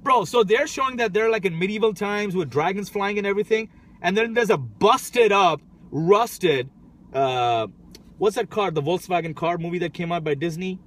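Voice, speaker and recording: A man's voice: sits high, lively intonation, normal speed, fairly bright tone. A man co-hosting a casual podcast, playful and slangy, tossing in yo and bro. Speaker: podcast co-host. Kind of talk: casual chat.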